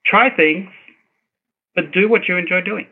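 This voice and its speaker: A man's voice: high-pitched, measured pace, breathy edge. A man talking encouragingly about a boy trying different instruments. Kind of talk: personal storytelling. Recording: tinny phone-like line.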